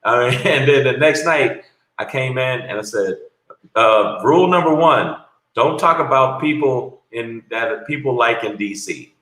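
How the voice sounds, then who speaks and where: A man's voice: medium pitch, a little slow, echoey room, poor audio. A man, a comedian guest, telling stories in a casual interview, blunt and profane. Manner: blunt, profane, animated storyteller.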